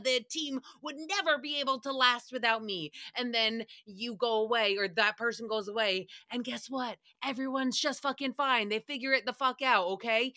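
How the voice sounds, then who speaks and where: A woman's voice: fairly high pitch, bright, forceful tone, no echo, studio quality. A woman hosting a casual solo recap podcast, ranting in a sassy, profane way and slipping into mock voices for quotes. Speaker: podcast host.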